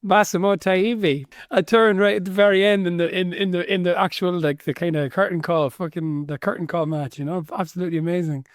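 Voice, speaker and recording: A man's voice: high voice, steady tone, brisk, hardly any pauses, dry recording. A man with a somewhat raised voice talking casually on a podcast, stumbling over repeated words and hedging his points. The recording is close and dry. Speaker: podcast co-host. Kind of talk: casual book-club chat.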